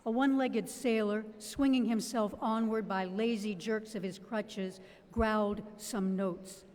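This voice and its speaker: A woman reading a novel aloud at a public literary event, with a measured, expressive delivery. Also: medium pitch. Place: event hall. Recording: long hall reverb.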